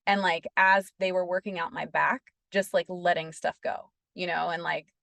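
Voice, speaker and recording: Woman guest, interview storytelling, gravelly fry, dry close sound, earnest and chatty. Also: on the low side, fairly even intonation, moderate pace, fairly bright tone, no echo. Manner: earnest, peppers speech with "like". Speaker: podcast guest.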